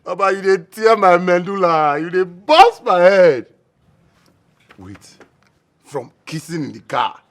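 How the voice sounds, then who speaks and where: A young actor with a Nigerian Pidgin accent playing an excitable man who jokes and teases his friend. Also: mid-range voice, moderate pace, pauses often. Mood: teasing. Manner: joking, teasing, excitable. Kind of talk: film drama acting.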